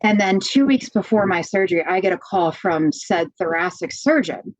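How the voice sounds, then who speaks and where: A woman's voice: on the low side, normal speed, dry recording. A woman from Pennsylvania, a podcast guest telling her own story frankly and with animation. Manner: frank, animated retelling, many fillers. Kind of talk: candid personal storytelling. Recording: slightly dull, dry lo-fi audio.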